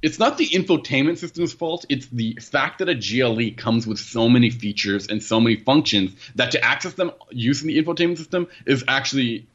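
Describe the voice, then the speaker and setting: Guy rambling about a car review, bright voice, kinda muffled lo-fi audio. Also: medium pitch, a little fast, hardly any pauses. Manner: rambling, self-correcting, laughs at own jokes. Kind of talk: casual podcast chat.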